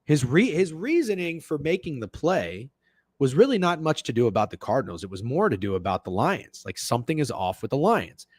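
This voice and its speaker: A man's voice: medium pitch, big pitch swings, brisk, darkish tone, dry recording. A man hosting a sports betting show, ranting in casual, profane chat and answering messages from viewers. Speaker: sports betting podcast host.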